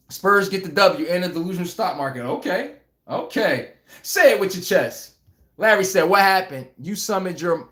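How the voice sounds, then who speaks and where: A man hosts a casual live sports stream, reading viewer comments while joking and laughing in animated banter with the chat. His voice sits high and sounds reverberant.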